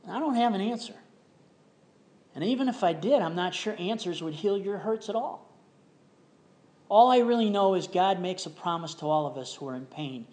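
An older man preaching a sermon in an earnest, compassionate way, sometimes dropping to a soft hush. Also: sits high, expressive, moderate pace, long pauses. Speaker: pastor.

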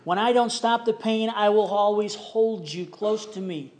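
A man's voice: high-pitched, measured pace, voice pushed up. A man voicing God as a tender, reassuring father speaking to a hurting child. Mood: tender reassurance. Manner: gentle, reassuring.

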